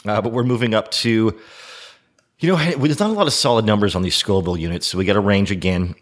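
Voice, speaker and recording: A man's voice: lowish voice, fast talker. A man hosting a casual podcast chat during a hot sauce tasting, joking and laughing often. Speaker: podcast host.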